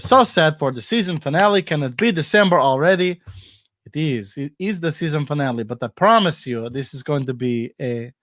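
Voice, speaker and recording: A man's voice: medium pitch, no room sound, studio quality. A man hosting a casual live-stream comedy chat, playful and joking, laughing often. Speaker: host.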